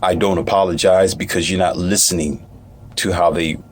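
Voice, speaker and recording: A man's voice: sits low, steady tone, moderate pace, a little hiss or hum. A man giving casual commentary, reading news aloud with stumbles, asides and a dismissive streak.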